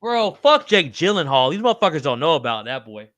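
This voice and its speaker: A man co-hosting a casual livestream, hyped and interjecting, swearing freely and shouting out viewers. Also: on the high side, big pitch swings, brisk. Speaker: co-host.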